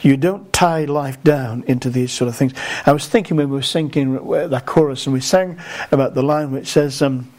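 A man preaching a sermon in an earnest way, often repeating words and slowing down to stress key phrases. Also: medium pitch, darkish tone.

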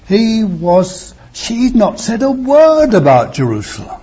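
A husky man preaching slowly and emphatically, pressing the listener with rhetorical questions. His tone is mellow and warm, and the sound is a dull lo-fi recording. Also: high voice, big pitch swings. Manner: emphatic, with rhetorical questions and sudden raised bursts. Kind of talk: expository sermon.

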